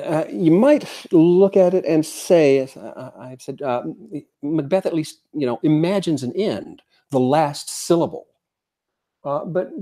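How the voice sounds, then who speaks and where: A man giving a Buddhist dharma talk at a zen center, speaking haltingly with many fillers and reading quotations aloud. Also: fairly high pitch, warm tone. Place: zen center meditation hall.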